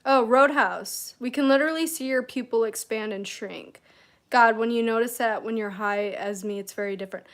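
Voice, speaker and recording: A woman's voice: fairly high pitch, moderate pace. A woman from Michigan chatting on a livestream at home, giving self-help advice and reading comments, laughing often and filling with "you know.". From Michigan, USA. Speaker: self-help mentor streamer. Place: at home, room with candles and incense.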